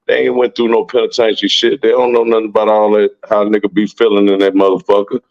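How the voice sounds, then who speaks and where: Blunt low-voiced man on a dull recording. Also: level tone, fast, vocal fry, a little mellow. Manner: blunt, profane, street slang, repeats "man". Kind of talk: casual conversation.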